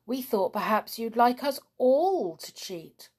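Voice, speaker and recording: A calm, clever young boy from a storybook who explains himself patiently, as a woman puts him on. His lines rise and fall lively but stay even-tempered. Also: a little high, slow, pitched above the performer's own voice. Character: calm, clever boy teaching a friend a lesson.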